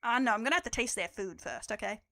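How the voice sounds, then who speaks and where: A woman's voice: fairly high pitch, quick pace, bright, forceful tone, dry recording. A young Australian woman streaming live, chatting casually with her viewers, laughing often and swearing as she teases.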